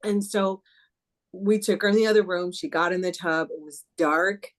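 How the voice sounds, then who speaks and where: A woman hosting a spiritual conversation, telling personal stories with quick asides and laughing as she talks. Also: on the low side, steady tone. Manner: storytelling, warm-hearted, quick asides, laughs while talking. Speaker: host.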